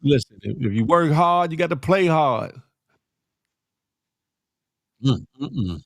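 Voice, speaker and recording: A middle-aged man hosting a casual live morning show, animated and slangy, calling out chat names and preaching a little. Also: on the high side, slow, gravelly, no echo, clean studio sound. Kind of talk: casual live-stream chat reading viewer comments.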